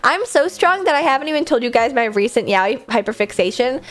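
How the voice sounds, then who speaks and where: A woman streamer chatting casually with her viewers, giggly and self-mocking, with quick asides. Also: fairly high pitch.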